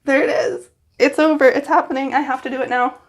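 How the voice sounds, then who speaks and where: Her voice sits high, and her intonation stays fairly even as she talks fairly quickly. A young hairstylist in the bathroom at home, she addresses her phone in casual vlog self-talk, nervous and prone to giggling.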